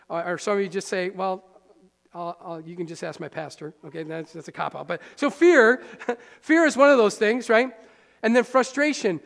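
High-voiced man preaching in a reverberant hall. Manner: conversational, animated preaching with asides and laughs. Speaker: pastor. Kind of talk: sermon.

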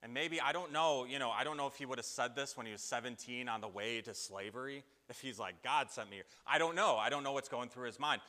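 A man's voice: medium pitch, fast talker, few pauses, sharp tone, long reverb tail. A man preaching a conversational sermon, asking the listeners' questions and answering them himself. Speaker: pastor.

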